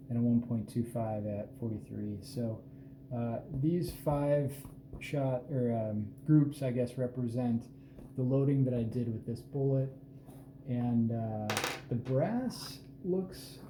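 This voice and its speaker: Dark-voiced man at his reloading bench. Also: medium pitch, a little hiss or hum. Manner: unhurried, plain-spoken, self-deprecating asides. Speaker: host showing his hand loads. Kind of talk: casual hands-on explanation. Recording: roomy echo with faint ambience.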